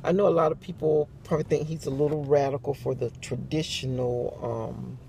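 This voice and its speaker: A woman's voice: a bass voice, fairly even intonation, a little fast, vocal fry, mellow, a little hiss or hum. An older woman in a casual morning chat vlog, telling chatty stories, acting out what people said and laughing often. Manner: chatty storyteller who acts out quotes. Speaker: vlogger.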